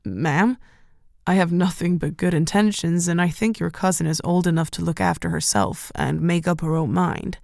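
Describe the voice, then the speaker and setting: Smooth cocky american man, voiced by a woman narrator. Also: on the low side, normal speed, a little mellow, no room sound, studio quality. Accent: faint American. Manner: smooth and easygoing. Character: confident male American parachutist, smooth and cocky.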